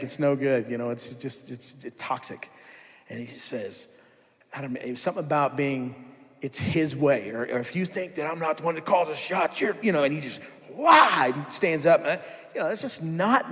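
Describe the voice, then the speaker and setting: A man's voice: medium pitch, a bit bright. A man giving his testimony at church, telling his story candidly and acting out his past self. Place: church hall. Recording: long hall reverb.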